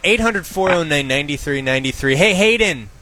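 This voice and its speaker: A man hosting a call-in show, joking excitably and bantering affectionately with callers. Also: fairly high pitch, a little fast, crowd noise, poor audio. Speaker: host.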